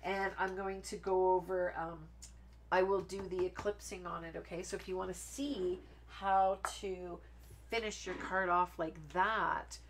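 A woman's voice: on the low side, slight background noise. A woman hosting a card making live stream, chatting in a rambling, friendly way and laughing often while she works. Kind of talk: casual live stream chat while crafting.

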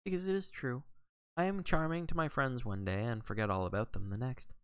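A man's voice: mid-range voice, brisk, clear, resonant tone, no room sound, studio quality, close to an everyday voice. A man voicing a cool, enigmatic lady of the house.

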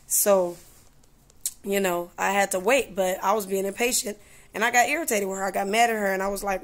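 A woman vlogging in a casual, chatty way, full of "you know" and "like", who acts out conversations with lively voices. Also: medium pitch, normal speed. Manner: animated, acts out dialogue in voices. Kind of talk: casual storytelling vlog.

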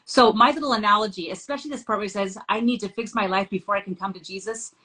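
A woman's voice: medium pitch, quick pace, sharp tone, low-quality recording. A middle-aged woman hosting a scripture study discussion. She talks in an earnest way, reads passages aloud and tells family anecdotes. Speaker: host.

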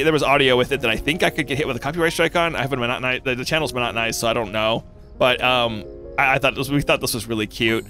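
A young man from North Carolina giving casual, rambling gameplay commentary as a gaming YouTuber, giggly and excitable. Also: medium pitch.

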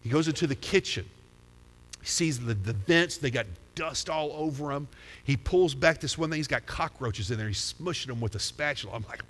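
Pastor, male, easy talking preacher who quizzes his flock; voice sits a bit high, big reverberant church sound. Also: lively intonation, a little fast, sharp tone. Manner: conversational preaching, asks the crowd questions. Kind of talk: sermon. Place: church sanctuary. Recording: long hall reverb.

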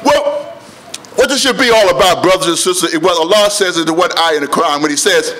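A male imam with an African American English accent preaches to a convention crowd in a high, bright, ringing voice. He builds emphasis through repetition and restarts, drawing out key lines. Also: fast talker. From United States. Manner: preaching with rising emphasis and repeated phrases. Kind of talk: convention sermon.

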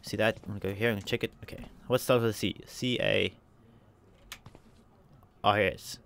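Lowish-voiced guy doing rapid game commentary, repeats himself a lot, faint hiss and clicks behind. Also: steady tone, gravelly, fairly bright tone. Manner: narrates each move, spells out letters, repeats phrases. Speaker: let's play gamer.

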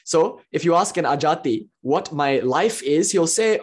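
An enthusiastic spiritual teacher lectures on philosophy in a lively, storytelling way. The voice leaps up in excitement, then drops into quiet, hushed asides, with frequent laughs. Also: medium pitch, normal speed, few pauses. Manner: swings between excited exclamations and hushed asides.

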